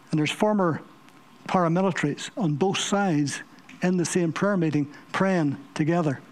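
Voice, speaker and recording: A man preaching a sermon, telling stories vividly and repeating words for emphasis. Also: a little high. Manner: vivid storytelling with emphatic repetition.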